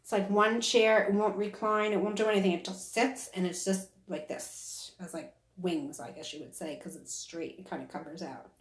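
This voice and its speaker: A woman's voice: medium pitch, fairly even intonation, normal speed, few pauses. A woman giving a casual psychic reading who talks on and on and keeps checking "is that correct?". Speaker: psychic medium. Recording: roomy echo.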